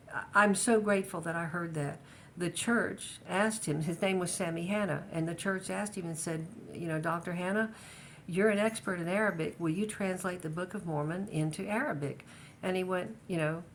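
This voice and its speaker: Hesitant older woman, low voice. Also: slight background noise. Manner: hesitant, many restarts and fillers. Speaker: interviewee. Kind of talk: casual family interview.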